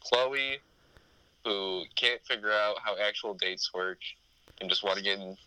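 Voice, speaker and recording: A man co-hosts a podcast in crude, joking chat, swearing freely as he riffs. His voice sits on the low side but has a bright, sharp edge. The recording is dry and close. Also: smooth, no echo, poor audio. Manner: profane, joking, riffs with quick laughs. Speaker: podcast co-host.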